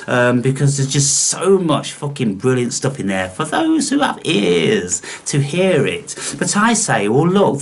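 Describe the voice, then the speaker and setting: A man's voice: medium pitch, fairly bright tone. Belligerent, swearing man preaching to viewers. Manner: belligerent, profane, lecturing; scornful, rhetorical questions. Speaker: spiritual channel host.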